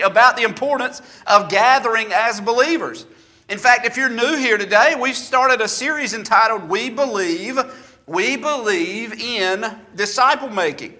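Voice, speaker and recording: A pastor talks to his congregation in a folksy, joking way. His voice is bright and ringing, and it sits fairly high for a man. He chats with the crowd and tells stories between points. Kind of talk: sermon. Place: church sanctuary.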